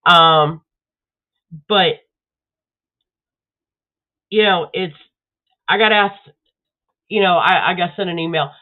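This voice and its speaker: A woman's voice: on the low side, steady tone, slow pace, long pauses. A woman from Southeast Texas with a Texan accent, ranting bluntly and swearing freely in a casual live stream. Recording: tinny phone-like audio.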